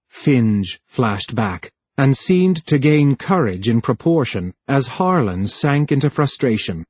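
A man reading a novel aloud in a measured, even way, as scripted narration. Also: medium pitch, no echo. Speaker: audiobook narrator.

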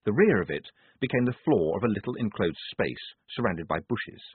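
A man narrating a novel in expressive storytelling style. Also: fairly low pitch, moderate pace, husky, no echo. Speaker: audiobook narrator. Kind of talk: scripted narration. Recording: tinny phone-like sound, dry.

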